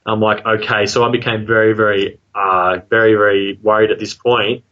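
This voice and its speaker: An Australian man tells a long personal story in a loose, rambling way, packed with fillers and asides. His voice sits on the low side. The audio is dull and lo-fi, like a call recording. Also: little pitch movement, normal speed, a bit bright. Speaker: guest telling an encounter story. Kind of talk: casual storytelling.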